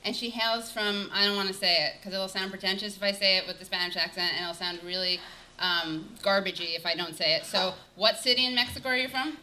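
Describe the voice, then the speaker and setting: A woman's voice: medium pitch, steady tone, fairly quick, pushed and bright, slight background noise. A woman hosting a live talk show, chatty and joking, going off on tangents as she introduces guests. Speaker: podcast host.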